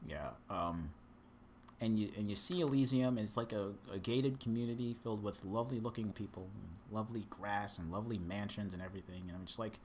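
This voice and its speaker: With a lowish voice and a slightly fast pace, a young man co-hosting a casual podcast rambles through a movie's plot. His review is sarcastic and full of fillers, and slight background noise can be heard.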